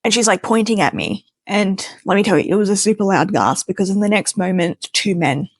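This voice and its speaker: A woman's voice: medium pitch, brisk, slightly rough, dry recording. A young woman telling a wild personal story in a casual, chatty way, acting out the voices of the people in it. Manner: animated, chatty, acts out quoted voices.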